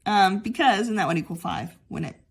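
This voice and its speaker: A woman's voice: medium pitch, expressive, fairly quick, breathy edge. A young woman teaching a music lesson to children at home, chatty and cheerful, often saying y'all.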